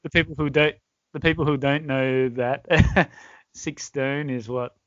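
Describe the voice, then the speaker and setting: A man hosts a podcast interview in a friendly, jokey way and laughs along easily. His voice has a middle pitch. The sound is dry and slightly muffled. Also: fairly even intonation, unhurried, fairly bright tone, no echo. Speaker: podcast host.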